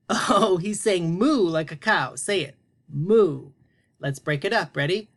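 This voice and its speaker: A man teaching a phonics lesson to young children, prompting them slowly and deliberately. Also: a little high, animated, a bit bright.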